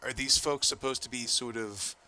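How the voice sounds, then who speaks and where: A man's voice: medium pitch, fairly even intonation, normal speed, sharp tone. A man with a Boston accent interviewing a director over trailer footage, chatty and friendly as he prompts questions.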